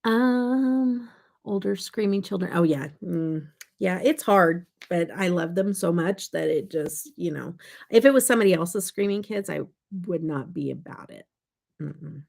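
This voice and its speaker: An older woman with a gravelly, slightly low voice, chatting casually on her makeup vlog. She rambles through family stories and answers chat comments as she works. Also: lively intonation, measured pace, darkish tone. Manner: chatty, storytelling, reads live chat aloud. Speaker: makeup vlogger.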